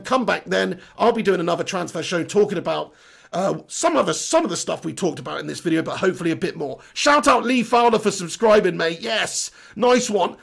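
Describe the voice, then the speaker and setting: A young man hosting a football channel, reading viewer comments in a chatty, blunt way while his voice is going hoarse. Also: high-pitched. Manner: chatty, matey shout-outs, blunt opinions. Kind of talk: casual live-stream chat, reading viewer comments.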